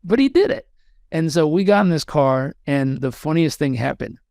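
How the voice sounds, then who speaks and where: A man with a fairly high, smooth and crisp voice tells a story with lively energy, jumping into the voices of the people he quotes. He sounds like he's in his thirties and speaks close to the mic in a dry, dead room. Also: moderate pace, dry recording. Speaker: guest. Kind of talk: storytelling in a podcast interview.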